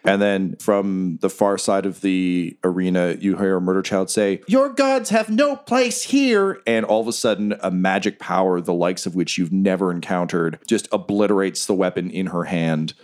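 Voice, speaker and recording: A man running a tabletop game as game master, with lively, dramatic narration. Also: deep voice, normal speed, few pauses.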